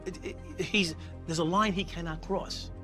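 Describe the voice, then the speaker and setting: A man's voice: sits high, fairly even intonation, normal speed. A middle-aged man, a former police officer telling his story bluntly in an interview, swearing heavily. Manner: blunt, heated, heavy swearing. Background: music.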